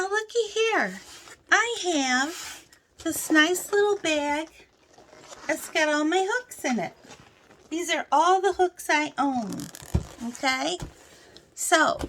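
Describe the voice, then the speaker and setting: A woman's voice: high-pitched, fairly bright tone, a little hiss or hum. A middle-aged woman chatting to camera as a crochet vlogger, telling stories in a folksy way with frequent laughs and asides. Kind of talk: casual chat to camera.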